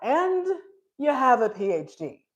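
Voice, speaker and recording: Woman voicing God, patient and gently insistent. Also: on the high side, unhurried, muffled recording. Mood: reassuring. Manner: calmly countering every excuse.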